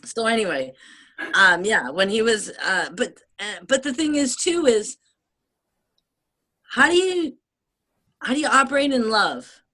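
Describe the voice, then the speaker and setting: A woman from the United States in casual chat, rambling and animated, swearing and laughing often. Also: on the high side, a little slow, long pauses.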